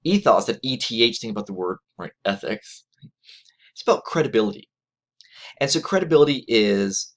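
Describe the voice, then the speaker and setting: A man giving a recorded college lecture in a conversational way, often checking in with "right?" and restarting phrases, with lively jumps in pitch when he quotes someone. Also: normal speed. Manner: conversational, frequent "right?" tag questions and restarts; animated pitch jumps when quoting others.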